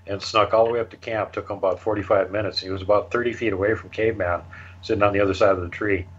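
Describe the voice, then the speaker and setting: A lower-voiced man tells a story in casual chat, laughing often as he goes. His voice comes through slightly muffled. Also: a bit bright. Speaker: guest, researcher.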